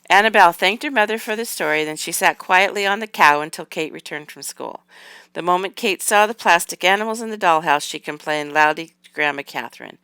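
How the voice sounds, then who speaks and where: Woman, storybook reading, calm, even, lowish pitch, smooth clear voice. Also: dry recording. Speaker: reader. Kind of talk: reading a children's book aloud.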